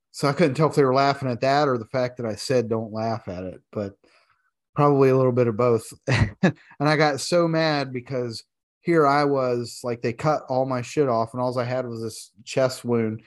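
A man, a military veteran, telling a war story in casual chat, animated and profane, laughing as he talks. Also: mid-range voice, moderate pace.

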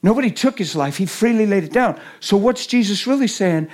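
A man preaching a sermon at a church service, animated and telling stories, acting out the voices in them and swinging from loud to hushed. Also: sits high, a little fast, few pauses. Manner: acts out voices in his stories. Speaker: guest preacher. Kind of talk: sermon with storytelling.

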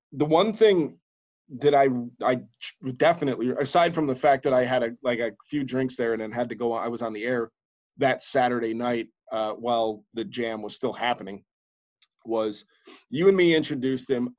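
A man, a radio DJ and podcast host, telling stories in casual chat, swearing freely and acting out quotes in a louder voice. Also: mid-range voice, highs cut off. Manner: animated, swearing, acts out quotes loudly.

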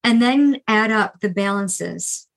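A middle-aged woman and financial coach, talking candidly and earnestly about her own past with debt, restarting often and tossing in quick asides. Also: mid-range voice, vocal fry, low-quality recording. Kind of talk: candid solo podcast monologue.

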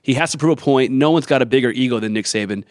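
A man's voice: mid-range voice, quick pace, no echo, clean studio sound. A man on a casual sports panel, firmly opinionated and skeptical in his takes. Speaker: sports show co-host.

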